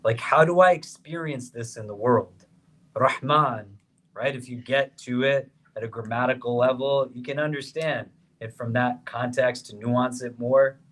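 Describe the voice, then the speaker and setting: A man, an imam, gives a religious lecture to a seated audience in a prayer hall, talking conversationally, often checking in with questions and rising sharply in pitch when he presses a point. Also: normal speed, fairly bright tone. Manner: voice rises sharply on emphatic questions.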